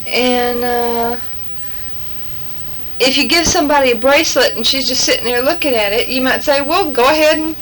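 High-voiced woman reading fill-in prompts. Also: fairly bright tone, a little hiss or hum, rough recording. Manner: halting, many fillers, says okay after each answer. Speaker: language tester.

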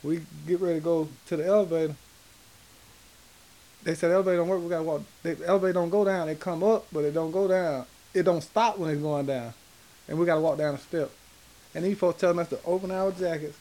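A man from Atlanta with a Southern accent, telling stories in an interview in a halting, rambling way full of fillers. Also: on the high side, fairly even intonation, a little mellow, poor audio. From Atlanta, Georgia. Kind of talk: casual storytelling in an interview.

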